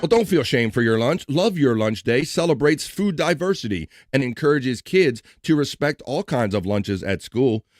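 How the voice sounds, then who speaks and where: A man's voice: medium pitch, animated, normal speed, few pauses, no room sound. Man, livestream host, joking around, dry close sound, faint music behind. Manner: loose and playful, slips into silly put-on voices and sings bits. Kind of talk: casual live-stream chat.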